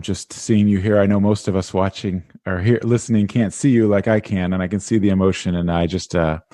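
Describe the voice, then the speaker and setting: A man speaking as an interview guest, animated and conversational, peppering his talk with "like". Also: sits low, dry recording, clean studio sound.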